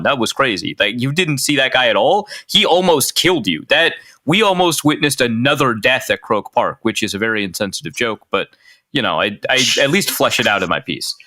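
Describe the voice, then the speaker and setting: A man with a bright, forceful voice and a middling pitch talks through football tape on a podcast. He is animated and keeps cutting himself off mid-thought, laughing at his own jokes. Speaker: podcast co-host. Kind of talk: casual sports analysis chat.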